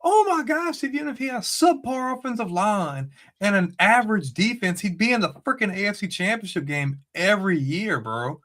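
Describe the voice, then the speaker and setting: Co-hosting a casual football podcast, a man rants heatedly and curses a lot. His voice sits high, and he talks at a moderate pace with hardly any pauses.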